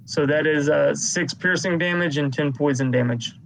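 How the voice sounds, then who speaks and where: A man running a tabletop game as game master, calmly calling hits and damage and narrating what the enemies do. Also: on the high side, moderate pace, creaky, a little hiss or hum, poor audio.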